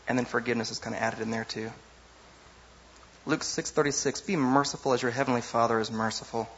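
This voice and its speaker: A man preaching a sermon in a lively, conversational way, often asking the audience "you know?". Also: medium pitch, muffled recording.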